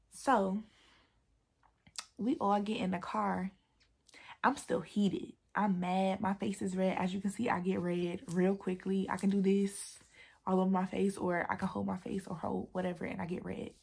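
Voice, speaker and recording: A young woman chats through a storytime vlog from a desk at home, with a gravelly, husky edge to her voice. She talks in an animated, slangy, emphatic way and laughs a lot as she goes. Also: medium pitch, normal speed. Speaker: vlogger. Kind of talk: casual storytime chat.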